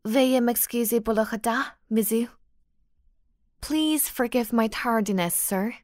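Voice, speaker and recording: A woman's voice: on the high side, a little slow, a little mellow, dry recording, studio quality, lightly acted. Woman doing an irritated teenage schoolgirl. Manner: irritated, snappy. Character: irritated teenage girl student, sharp-tongued. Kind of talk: audiobook character voice.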